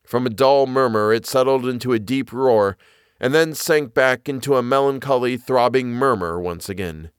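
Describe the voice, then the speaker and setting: A man narrating a classic novel as an audiobook reader, with an expressive, dramatic delivery. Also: medium pitch, normal speed, smooth, dry recording, studio quality.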